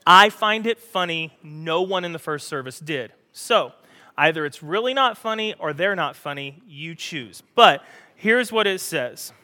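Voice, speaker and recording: Bright-voiced man preaching in a reverberant hall. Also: fairly high pitch, a little slow. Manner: animated, jokey preaching that acts out scripture. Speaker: pastor. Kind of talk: sermon.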